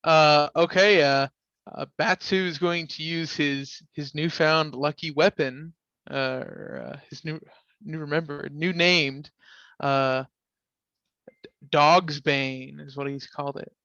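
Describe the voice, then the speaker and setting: A man's voice: on the high side, fairly even intonation, slow, bright, forceful tone, no room sound, lo-fi sound. A man playing a tabletop game, describing his character's moves hesitantly with many fillers. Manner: hesitant, lots of uh and um. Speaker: player. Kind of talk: casual chat.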